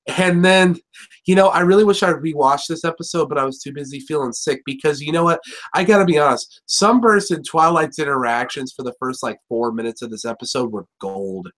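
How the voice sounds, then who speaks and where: A man's voice: on the high side, fairly quick, a bit bright. A young man hosting a casual review chat, rambling and joking with plenty of swearing and fillers. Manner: rambling, jokey and profane, full of fillers. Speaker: show host reviewing an episode.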